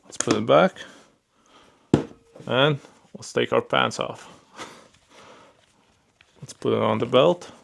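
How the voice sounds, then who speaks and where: Gravelly man reviewing gear casually. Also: medium pitch, slow pace, long pauses, noisy background. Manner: relaxed, repeats fillers like "pretty cool" and "yeah"; handles the gear while talking. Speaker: product reviewer.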